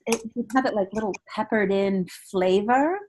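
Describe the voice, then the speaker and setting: A woman's voice: mid-range voice, normal speed, a little mellow, slight background noise. A woman hosting a webinar and giving casual voiceover advice, talking in chatty bursts with many restarts. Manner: chatty, with frequent restarts and fillers. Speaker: voiceover coach and webinar host.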